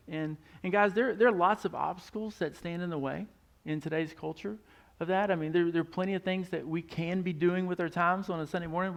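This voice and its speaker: A Texan man preaches a Sunday sermon in a loose, conversational way, doubling back on his words as he goes. His voice sits a little high and carries a gravelly rasp. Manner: conversational, repeats words at starts of phrases. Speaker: lead pastor. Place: church stage.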